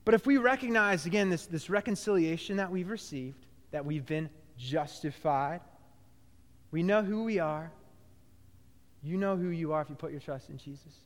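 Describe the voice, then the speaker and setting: A man preaching a sermon, animated, with loud bursts that drop to quiet low phrases and frequent restarts. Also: moderate pace, long reverb tail. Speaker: pastor.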